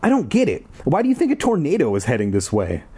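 Male narrator doing a confused laid-back boy, raised voice, lively inflection. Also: fairly high pitch, fast talker, husky, pitched above the performer's own voice, heavily acted. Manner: easygoing, confused questioning.

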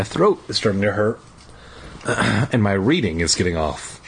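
A man's voice: fairly low pitch, very animated, a little slow, slight background noise. A man reading a children's book aloud in a casual way, breaking off for irreverent, profane jokes. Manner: irreverent, profane, jokey commentary. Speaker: amateur audiobook reader. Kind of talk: casual read-aloud with joking asides.

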